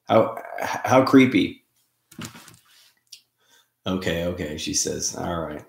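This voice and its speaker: Relaxed low-voiced man in echoey room. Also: slow pace, creaky, long pauses. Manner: relaxed, chatty, greets viewers by name. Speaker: livestream host. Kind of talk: casual live-stream chat with viewers. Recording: roomy, echoey room sound.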